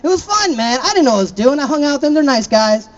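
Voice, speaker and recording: A man's voice: extremely high pitch, very animated, fast talker, highs cut off. A young man from Florida doing a stand-up set, laughing at his own jokes and throwing chatty asides to the crowd. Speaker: stand-up comedian.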